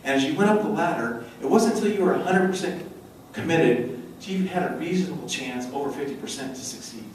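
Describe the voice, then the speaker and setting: A middle-aged man giving a motivational stage talk with a joke story, an energetic storyteller who slips into high acted voices, recorded from a distance in a large conference hall. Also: quick pace, a little hiss or hum. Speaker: event speaker. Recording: echoey hall, distant mic.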